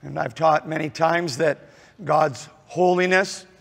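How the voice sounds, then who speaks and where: Male pastor, slightly high, unhurried sermon delivery full of "uh" and "um", fades soft then swells. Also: steady tone, gravelly. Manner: halting, many fillers, drops to near-murmur then rises. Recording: long reverb of a large hall.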